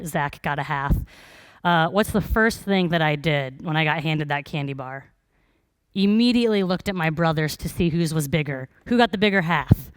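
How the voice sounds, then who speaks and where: A woman's voice: on the low side, clear, resonant tone, dry recording. A young woman preaching a sermon in a conversational, storytelling way, with frequent fillers.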